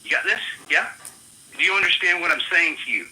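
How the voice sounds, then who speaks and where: A man's voice: high-pitched, expressive, a little fast, sharp tone. A man on a phone call, angry and profane, stammering and repeating himself. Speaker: prank call target. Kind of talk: phone conversation.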